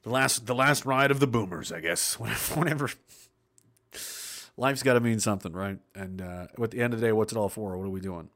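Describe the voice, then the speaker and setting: A man with a lowish voice and a brisk delivery hosts a casual livestream, reading viewer messages aloud and ranting. He's loud at times and mumbles at others.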